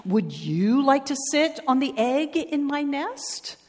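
A woman's voice: high voice, big pitch swings, slow, long reverb tail, voice pushed up, heavily acted. A woman voicing a lazy, whiny female bird who coaxes others into doing her work. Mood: coaxing. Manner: complaining, coaxing.

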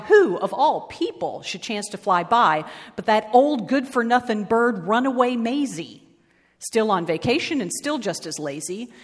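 Expressive female storyteller reading rhyming verse slowly in a reverberant hall. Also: mid-range voice.

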